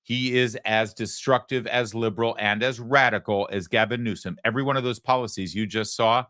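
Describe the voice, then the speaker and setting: A man's voice: medium pitch, fairly even intonation, pushed and bright, dry recording, studio quality. A middle-aged man from Michigan hosting a political talk show, delivering an emphatic, sarcastic monologue. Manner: sarcastic, emphatic, quick asides.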